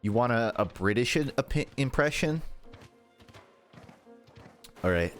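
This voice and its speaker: A man's voice: medium pitch, lively intonation, a little slow, soft background music. A man streaming a video game, chatting casually in a rambling, self-deprecating way that trails off mid-sentence, his voice strained from earlier voice acting. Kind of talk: casual live-stream chat while gaming.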